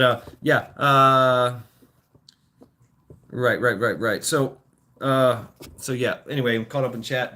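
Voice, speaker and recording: A man's voice: mid-range voice, a bit bright. A man hosting a casual livestream, rambling through opinions with stammered restarts and crude swearing while reacting to his chat. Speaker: livestream host.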